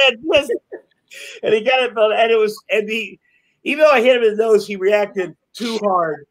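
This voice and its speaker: A man on a podcast as a guest, telling rambling, animated stories, swearing and laughing as he goes. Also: high-pitched, moderate pace, rough recording. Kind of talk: casual chat.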